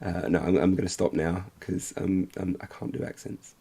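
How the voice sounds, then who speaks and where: Brief: man, low gravelly voice, rambling self-deprecating stream chat. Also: steady tone, moderate pace, mellow. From Essex, England. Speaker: livestream co-host. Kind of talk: casual chat while painting.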